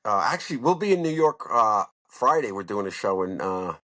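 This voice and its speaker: Bright, animated male comedian telling stories. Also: on the low side, moderate pace. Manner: animated storyteller, swears casually. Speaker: comedian guest. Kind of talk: casual chat, storytelling.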